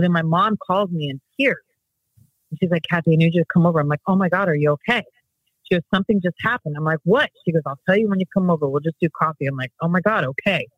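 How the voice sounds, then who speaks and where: A woman's voice: deep voice, no echo, muffled recording. Middle-aged woman, podcast host, earnest storyteller, dry close sound. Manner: earnest, quotes others in dialogue. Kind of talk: casual storytelling.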